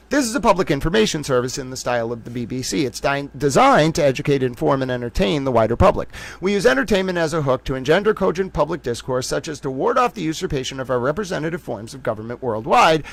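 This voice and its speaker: Male streamer, voice on the high side, quick jokey banter with chat, dry close sound. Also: gravelly, no echo. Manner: animated, jokey, calls himself a little towel; talks to chat viewers by name. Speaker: livestream host. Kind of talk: casual livestream chat.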